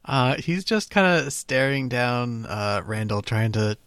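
A man's voice: mid-range voice, expressive, unhurried, a bit bright, clean tone, dry recording. A man playing a tabletop game, speaking hesitantly with restarts. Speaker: player.

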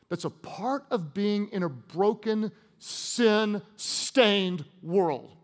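A man preaching a sermon as a pastor, moving between loud emphatic lines, hushed earnest passages and casual, humorous storytelling. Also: high voice, animated, slow.

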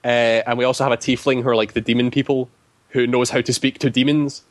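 A man's voice: mid-range voice, level tone, fast talker, dry recording. A man casually recounting a tabletop game session, rambling with many filler words. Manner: rambling, heavy use of "like" fillers. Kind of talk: casual storytelling.

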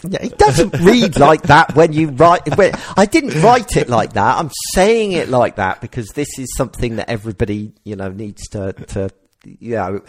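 A man hosting a casual podcast chat, rambling and correcting himself as he goes. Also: medium pitch. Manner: rambling, self-correcting, lively delivery. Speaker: podcast host.

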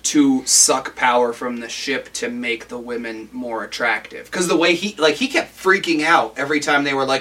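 A man's voice: medium pitch, steady tone, a little fast, hardly any pauses, sharp tone, recorded from a distance. A man co-hosting a podcast, chatting casually and jokily about a TV episode, full of fillers and guesses. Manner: speculative, filler-heavy, jokey. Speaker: podcast co-host. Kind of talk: casual chat recapping a TV episode. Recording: voice a bit off-mic.

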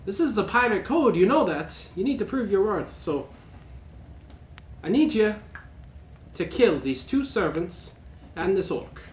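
A man voicing a cruel, scheming woman pirate queen in a high, mocking put-on voice, in a roomy, dull recording. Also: sing-song, a little slow, pauses often. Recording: roomy, dull, lightly noisy home recording.

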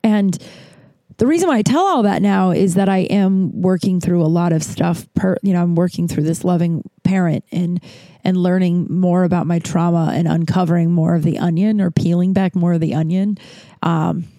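A woman's voice: on the low side, moderate pace, dark tone, dry recording, studio quality. A woman hosting a podcast, talking frankly and rambling about her personal life, with many restarts and casual swearing. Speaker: podcast host. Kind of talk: candid personal podcast monologue.

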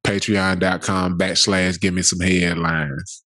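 A man's voice: sits low, flat delivery, takes it slowly, pushed and bright, no room sound. A man co-hosting a casual podcast, joking and emphatic in profane banter, plugging the show's supporters page. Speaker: podcast co-host. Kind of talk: casual podcast chat and sponsor plug.

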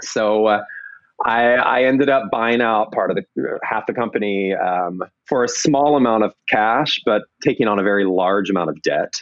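A man with a fairly low voice recounting his business past in a loose, rambling way, often restarting and acting out what others said. The sound is dry and a bit dull, like a modest lo-fi setup. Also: moderate pace, no echo. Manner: rambling, restarts, acts out quoted people. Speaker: entrepreneur guest. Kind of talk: casual storytelling interview.

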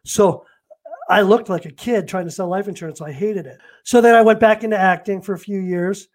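Speaking fairly quickly in a high-pitched voice, this LA real estate agent and coach in his fifties is an interview guest. He narrates stories and dramatizes phone calls and quotations.

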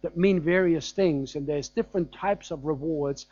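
A man with a German accent delivers a sermon in a chatty, storytelling manner, dotted with fillers and small chuckles. His voice sits a little high for a man. The recording is dry and dull, with no room sound and a muffled top end. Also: normal speed, darkish tone, dry recording. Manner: conversational and anecdotal, with frequent fillers and chuckles. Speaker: preacher.

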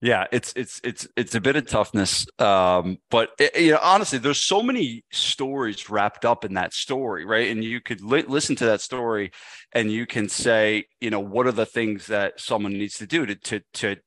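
A man's voice: fairly low pitch, moderate pace, no echo. A man, a podcast guest, telling a story in casual chat with lots of fillers and restarts. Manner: animated, many fillers and restarts. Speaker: podcast guest, gym business speaker.

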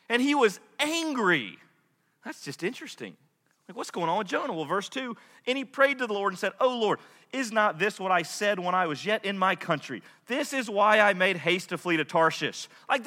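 Animated preacher man in a reverberant hall. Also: high-pitched. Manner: animated preaching, shifting from loud to hushed. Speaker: pastor. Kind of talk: sermon.

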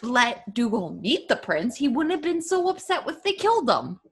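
A woman in casual chat about a TV show, opinionated and animated, often cutting in over the other speaker. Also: fairly high pitch, normal speed, a little hiss or hum.

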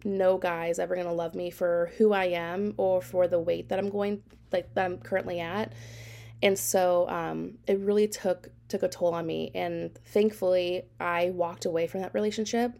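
A woman's voice: fairly low pitch, level tone, moderate pace, vocal fry, darkish tone. A woman in her thirties hosting a podcast, telling her personal story in a candid, reflective way with frequent fillers. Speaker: podcast host.

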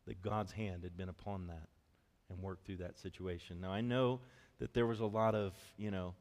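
Pastor guy preaching, kinda low voice, chatty storyteller, big echoey church hall. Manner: storytelling, animated and conversational, quick asides. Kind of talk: sermon.

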